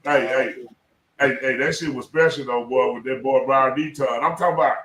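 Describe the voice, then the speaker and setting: A middle-aged man from South Dallas, a former high school football coach telling stories in an animated, emphatic, profane way on a casual podcast. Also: fairly quick, slight background noise. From South Dallas, Texas. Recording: echoey room, voice a bit far from mic.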